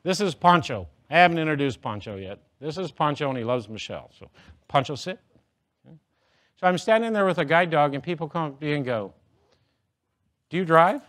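A man's voice: a little high, sing-song, fairly quick, a bit bright. Joking man giving a speech. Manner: joking, self-deprecating storyteller. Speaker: motivational speaker. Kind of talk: humorous speech to an audience.

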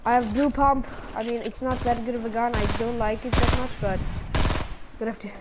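A woman with a high voice narrates her own match in a frantic rush, repeating the same pleas over and over. She sounds like a gaming channel host on a headset mic. Gunshots and game effects crackle loudly behind her. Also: fairly even intonation, fairly quick. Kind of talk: live gameplay commentary. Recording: loud game gunfire under the voice.

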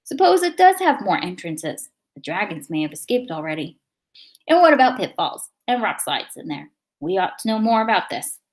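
A woman's voice: medium pitch, sing-song, normal speed, natural voice. Cautious guard man, a woman reading him, insistent, storybook. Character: cautious grown man, planner among guards.

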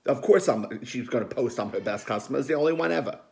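A man's voice: medium pitch, animated, fast, vocal fry, darkish tone. A man playing a dramatic, gossipy middle-aged aunt with a Philadelphia accent, rambling and emotional in a comedic monologue. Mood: defensive. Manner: rambling, chatty, emotional, defensive.

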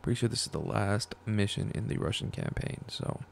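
A man's voice: lowish voice, fairly quick, creaky. A man giving crude, jokey commentary while playing a war game. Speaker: gamer. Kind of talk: casual gameplay commentary. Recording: gunfire noise from game.

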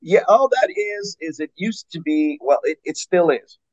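A man and metal singer chatting in an interview, telling stories with lively acted-out quotes and frequent laughs. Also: on the high side, unhurried, no echo, lo-fi sound. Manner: animated storyteller, acts out fans' voices, laughs often. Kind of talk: casual interview chat.

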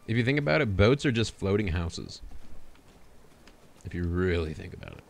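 A man's voice: sits low, sing-song, moderate pace, creaky, pauses often, a little hiss or hum. A man streaming a video game, chatting to himself in a goofy, joking way. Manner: goofy, self-talking, laughs at his own jokes. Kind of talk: casual gameplay commentary.

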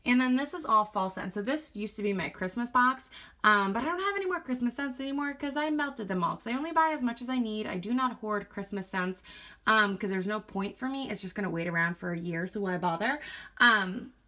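A woman's voice: mid-range voice, animated, fairly quick, pushed and bright. A young woman talking casually in a vlog, rambling and chatty with lots of fillers, a little out of breath. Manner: rambling, chatty, filler-heavy, self-deprecating. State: slightly out of breath. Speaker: wax collection vlogger. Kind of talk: casual chat.

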